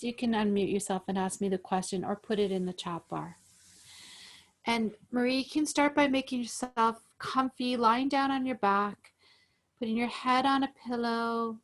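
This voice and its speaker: A woman yoga instructor gently guiding breathing exercises over a video call. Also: a little high. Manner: slow, gentle, soothing guidance.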